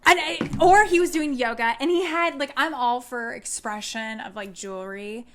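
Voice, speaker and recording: A woman co-hosting a podcast, telling stories in a casual, animated way with lots of fillers. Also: high voice, normal speed, a little hiss or hum. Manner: animated, expressive storytelling with lots of "like". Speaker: podcast co-host. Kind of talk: casual chat.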